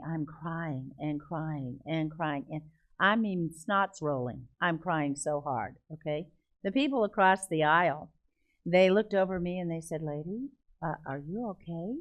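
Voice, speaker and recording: An older woman shares a personal story with animated, emphatic delivery, breaking into laughter often. Her voice sits fairly low for a woman. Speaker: guest speaker. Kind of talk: storytelling testimony.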